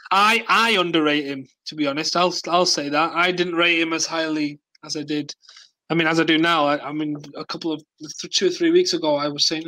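A man's voice: on the high side, steady tone, fairly quick, pushed and bright, dry recording, poor audio. A man hosting a casual football podcast, dry and self-deprecating, reading out listener questions. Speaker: podcast host.

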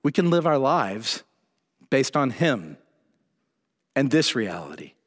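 A man preaching a sermon as pastor, telling Bible stories with animated emphasis. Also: mid-range voice, slow pace. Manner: animated storytelling, voices God and Moses in retellings. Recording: church hall with long reverb.

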